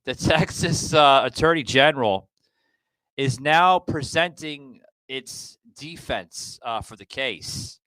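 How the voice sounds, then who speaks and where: A man's voice: mid-range voice, lively intonation, slow, sharp tone, clean tone, no room sound, rough recording. A man hosting a political podcast from a hotel room, out of breath and rambling with many fillers and restarts. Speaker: podcast host. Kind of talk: casual political commentary. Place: hotel room with sound panels.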